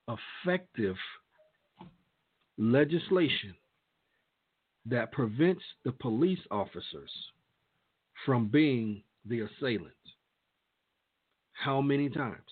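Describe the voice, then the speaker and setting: A man's voice: mid-range voice, husky. A male show host giving impassioned commentary, repeating phrases for emphasis. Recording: tinny phone-like line.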